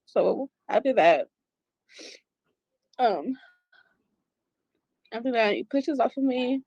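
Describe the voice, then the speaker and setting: A woman giving a halting, shaken personal account, swearing as she talks. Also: on the high side, animated, husky, no echo. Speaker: woman telling her own story. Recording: dull lo-fi clip.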